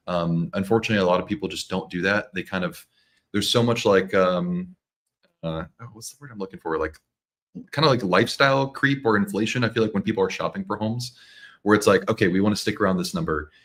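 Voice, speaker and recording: Deep voiced guy chatting about loans, laid back, lots of ums. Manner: relaxed advice-giving, many fillers and restarts. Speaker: guest giving mortgage advice. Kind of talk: casual livestream chat.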